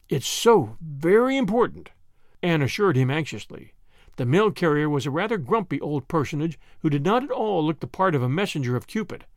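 Brief: expressive male audiobook narrator, slightly high, animated, dry studio. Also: dry recording. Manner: expressive storytelling.

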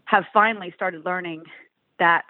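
A woman's voice: fairly low pitch, fairly even intonation, normal speed, dry recording. Brief: fifty-something woman musician, casual, rambling restarts, thin phone-line sound, dry. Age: 50s. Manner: warm, rambling, with many restarts. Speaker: touring musician guest. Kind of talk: casual interview chat.

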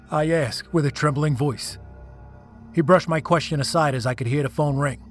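Reading at a normal speed, a man with a somewhat high voice narrates a tense first-person tale with dramatic feeling. Faint, soft music plays under him.

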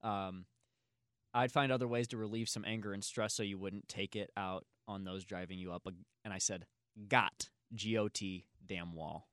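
A man hosting a casual podcast, telling a long story full of filler words and breaking into loud laughs. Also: lowish voice, flat delivery, normal speed, clean tone, dry recording, studio quality. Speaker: podcast host.

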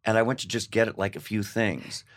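An older man telling an animated anecdote as a guest, laughing at his own story. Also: on the low side, normal speed. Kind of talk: casual anecdote.

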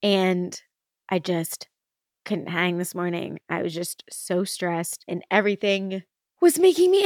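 A woman's voice: on the low side, lively intonation, unhurried, dry recording. Woman in her thirties, solo podcast host, emotional and rambling, casual swearing, dry close sound. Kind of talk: candid solo podcast talk.

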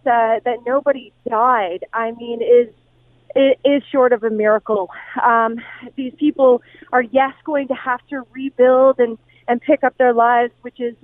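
A woman news reporter on the scene, talking in a halting way, repeating words and restarting sentences over the phone. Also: fairly high pitch, no echo. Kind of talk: live phone interview. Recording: tinny dry phone line.

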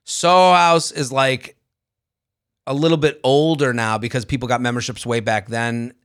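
A man co-hosting a chatty podcast, talking in rambling, halting bursts with frequent restarts and laughs. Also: mid-range voice, fairly even intonation, a bit bright, smooth. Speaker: podcast co-host, comedian. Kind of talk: casual chat.

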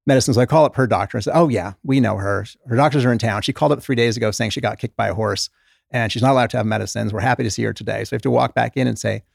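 This middle-aged man speaks very fast in a mid-range voice with vocal fry, telling stories as a guest in a conversational interview. He used to be a doctor and is an author, and he animatedly acts out his patients' voices when quoting them. It's a dry, studio-quality recording.

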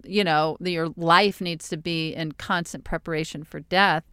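A woman co-hosting a podcast, telling stories in a dry, deadpan way that breaks into laughter. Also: low voice, moderate pace, smooth, no echo. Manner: dry storyteller, bursts into laughter. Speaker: podcast co-host. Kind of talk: casual chat.

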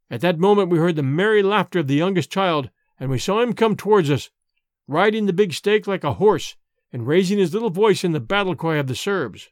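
A man's voice: high voice, a little fast, no echo, studio quality. A man giving a dramatic audiobook reading of a gothic story, voicing the characters' lines with feeling. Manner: expressive, voices the characters' lines.

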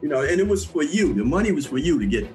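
An older man telling his life story in a relaxed interview, with many restarts and small chuckles. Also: on the high side, fast, soft background music, rough recording. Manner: conversational, with frequent restarts and chuckles. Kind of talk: recalling his past in an interview.

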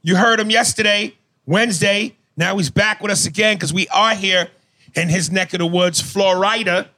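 Brash, bright-voiced male podcast host. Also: sits high, steady tone, normal speed, no echo. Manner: brash, profane, teasing. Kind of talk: casual podcast banter, reading emails.

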